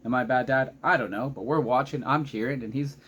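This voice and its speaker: A man in his thirties giving a casual, excitable recap of a hockey game as a vlogger, chatty and often losing his thread. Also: medium pitch, fast, highs cut off, slight background noise. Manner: excitable, chatty, loses track mid-sentence.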